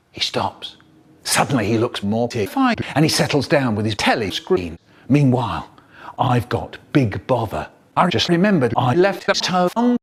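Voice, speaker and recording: A man narrating a comic story with an animated, exaggerated storyteller voice. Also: mid-range voice, measured pace, breathy edge. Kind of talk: comic storytelling, spliced into a remix.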